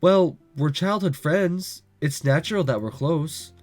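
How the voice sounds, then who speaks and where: A man with a cold voicing an evasive teenage boy in a visual novel reading, speaking lower than his own voice. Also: a little slow, darkish tone, soft background music, natural voice. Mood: awkward. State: has a cold.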